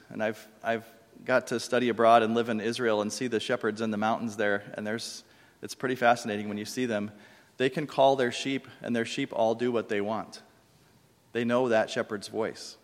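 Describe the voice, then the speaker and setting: Earnest male deacon preaching in a church. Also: medium pitch. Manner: earnest storytelling, slows down for emphasis. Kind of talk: sermon. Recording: long reverb of a church hall.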